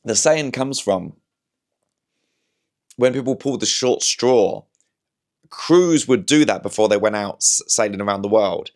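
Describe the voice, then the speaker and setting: A man's voice: lowish voice, expressive, measured pace, long pauses, a little mellow. A man talking casually to camera at home, chatty and wry, often trailing off and restarting. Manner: chatty, wry, self-interrupting. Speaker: comedian vlogger. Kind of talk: casual rambling monologue.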